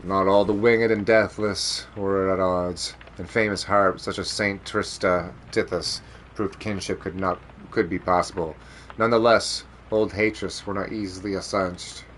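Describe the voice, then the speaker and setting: A solemn lore narrator for a fantasy game, put on by a man reading the text aloud. The voice drops well below his usual register. It rolls out ancient history in slow, weighty phrases. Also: sits low, steady tone, fairly bright tone, a little hiss or hum, pitched below the performer's own voice.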